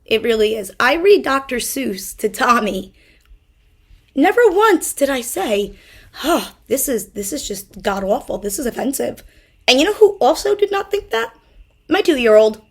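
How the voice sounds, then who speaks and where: Young woman, high voice, exasperated rant, stammers and repeats herself, swears freely. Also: fairly bright tone. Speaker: podcast host. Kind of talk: ranting monologue.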